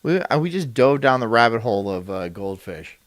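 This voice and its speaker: A man's voice: medium pitch, big pitch swings, fairly quick, no room sound. A man streaming, reacting to a video in rambling, crude and self-mocking casual chat.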